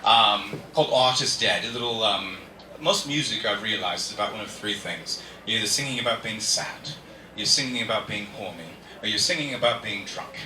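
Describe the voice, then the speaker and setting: On a club stage, a man with a lowish, sharp-toned voice works through a rambling, self-deprecating stand-up set at a moderate pace, tossing chatty asides to the crowd. The room echoes, he's picked up from far off, and there's faint noise.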